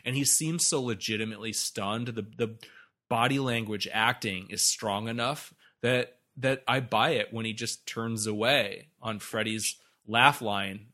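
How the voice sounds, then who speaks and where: A man's voice: fairly low pitch, unhurried, pushed and bright. A man co-hosting a podcast, talking animatedly about a movie, laughing often and swearing freely. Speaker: podcast co-host. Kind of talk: casual film discussion.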